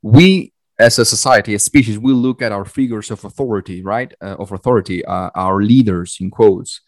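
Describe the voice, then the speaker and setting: A man's voice: fairly low pitch, normal speed, dry recording. A man co-hosting a casual podcast, agreeable and backing up his partner. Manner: agreeable, backs up the other speaker. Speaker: podcast co-host.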